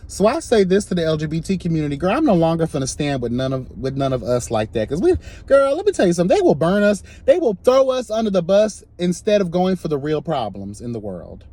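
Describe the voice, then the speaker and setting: A man giving an impassioned, sassy commentary rant, swinging between soft asides and loud emphatic outbursts. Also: on the high side, sing-song, fast, hardly any pauses.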